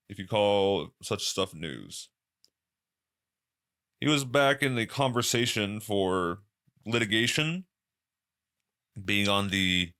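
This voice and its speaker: A man hosting a podcast, talking casually and rambling through stories. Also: sharp tone. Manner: loose, rambling, quotes people in exaggerated high voices. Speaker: podcast host. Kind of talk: casual solo commentary.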